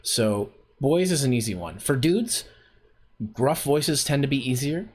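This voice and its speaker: A man's voice: mid-range voice, lively intonation, a little slow, husky. Rambling man teaching casually. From Canada. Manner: loose and rambling, heavy on fillers like "like" and "um". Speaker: voice acting workshop host.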